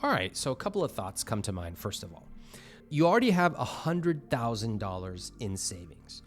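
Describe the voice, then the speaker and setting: A man hosting a personal finance show, reviewing viewer budgets in a blunt, animated way with exasperated asides. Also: medium pitch, moderate pace, soft background music.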